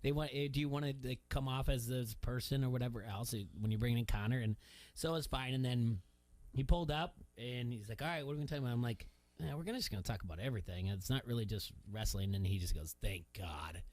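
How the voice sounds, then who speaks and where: A man's voice: mid-range voice, steady tone, fast talker, a little mellow, no echo. A man hosting a sports radio show who tells long, rambling stories and laughs often. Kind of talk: casual chat.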